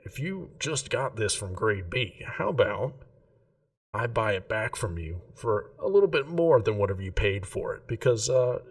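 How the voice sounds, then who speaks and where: A man voicing a loud, boisterous male gnome weaponsmith who haggles over a sword in a tabletop game. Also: very animated, moderate pace, distant mic. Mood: haggling. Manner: booming, haggling, incredulous. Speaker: shopkeeper.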